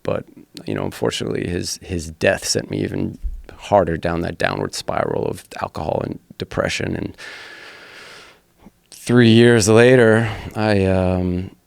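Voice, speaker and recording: A man's voice: sits low, fairly even intonation, a little slow, vocal fry, smooth, no echo. A man in his thirties, a fighter and podcast guest, telling his personal story in an earnest, blunt way with some swearing.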